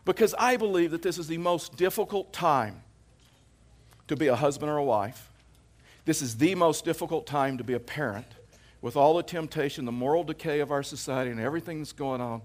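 A man in his fifties preaching a sermon as pastor, casual and anecdotal, repeating phrases for emphasis. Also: a little high. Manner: conversational, anecdotal preaching with jokes.

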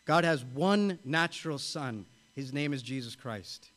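A male pastor preaching a sermon, earnest and emphatic, repeating key phrases and building to excited exclamations. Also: medium pitch.

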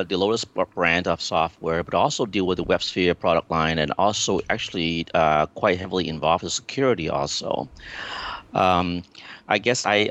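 Man, very low voice, hesitant, lots of fillers, muffled call audio. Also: a bit bright. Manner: hesitant, many fillers and restarts. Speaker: guest, business partner. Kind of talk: casual podcast interview. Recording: dull lo-fi call line.

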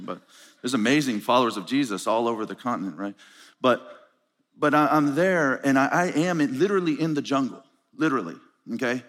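A man preaching at a conference, telling stories and acting out the dialogue in them. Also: medium pitch. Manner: animated storytelling, acts out dialogue. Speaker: pastor. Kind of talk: conference sermon. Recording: live hall with long reverb.

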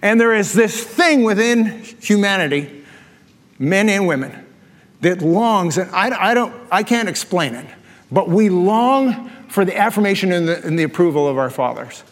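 An older man preaching a conversational sermon as a pastor, animated and telling stories with self-deprecating asides. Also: high voice, normal speed. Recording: long reverb of a large hall.

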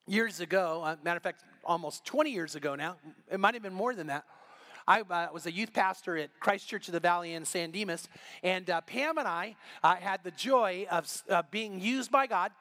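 A middle-aged man preaching a sermon, telling a story with lively voiced quotes. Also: high voice, normal speed. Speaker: pastor.

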